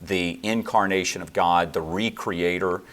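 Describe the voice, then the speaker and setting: A man with a very low voice explains church history and doctrine in a measured, lecturing way. He pauses with fillers and restarts as he thinks, building long explanations. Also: steady tone, fairly bright tone. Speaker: theologian guest. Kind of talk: explanatory interview answers.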